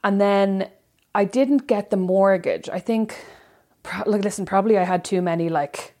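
A woman's voice: medium pitch, moderate pace, mellow. A woman co-hosting a podcast, telling a story casually with lots of fillers and restarts. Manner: casual, filler-heavy, hesitant. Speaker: podcast co-host. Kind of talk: casual chat.

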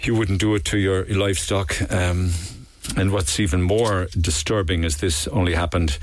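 A man hosting a radio phone-in, talking in a sympathetic, measured way. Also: sits low, fairly even intonation, slight background noise.

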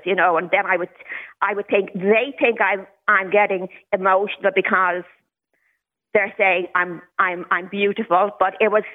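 A woman's voice: mid-range voice, steady tone, normal speed. A woman, a caller on a radio phone-in, talking candidly with occasional stuttered repetitions. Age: 60s. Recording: tinny phone line.

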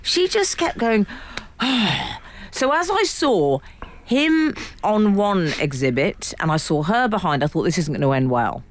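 An English woman co-hosting a casual radio chat, telling an animated story and acting out the people in it. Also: medium pitch, a little slow. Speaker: radio show co-host.

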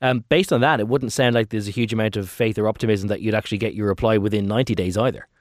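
Quick-talking irish guy hosting a radio interview, measured probing questions, dry close sound. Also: on the low side, dry recording. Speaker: radio host.

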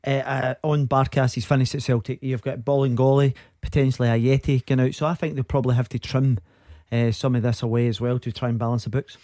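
Fast Scottish male pundit, mellow tone, easygoing. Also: mid-range voice, little pitch movement, no room sound, studio quality. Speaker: football pundit. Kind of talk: sports radio punditry.

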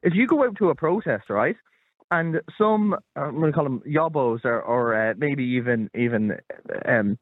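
An Irish man joining a panel discussion, making his points in a reasoned way with some hesitant pauses. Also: mid-range voice, lively intonation, no room sound. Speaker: panel guest. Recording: phone-line call-in audio.

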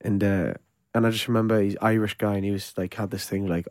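Relaxed young man, strong Northeast English accent. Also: lowish voice, fast talker, few pauses, no room sound, clean studio sound. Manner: relaxed, rambling, self-mocking. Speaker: musician guest. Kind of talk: casual chat. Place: radio studio. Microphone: studio microphone.

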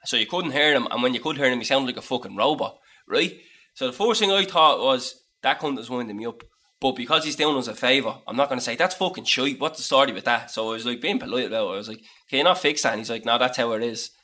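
Podcast host, quick talker, teasing and swearing a lot. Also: male voice, medium pitch, bright, forceful tone. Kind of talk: casual storytelling chat.

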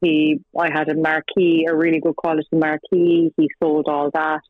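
A woman's voice: low voice, flat delivery, normal speed, no room sound. Irish woman talking over a tinny phone line. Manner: chatty storytelling, acts out quoted dialogue, laughs between lines. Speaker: guest, former partner of the subject. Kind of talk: casual interview over the phone.

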